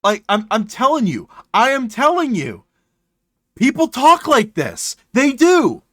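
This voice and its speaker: A man's voice: very high-pitched, measured pace. A man streaming live, talking casually and ranting with lots of swearing. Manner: animated, profane ranting.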